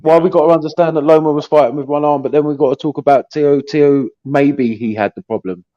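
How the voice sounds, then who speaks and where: A man co-hosting a boxing show, giving wry, measured takes on fights. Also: fairly high pitch, fairly even intonation. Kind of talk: boxing discussion. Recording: muffled lo-fi audio.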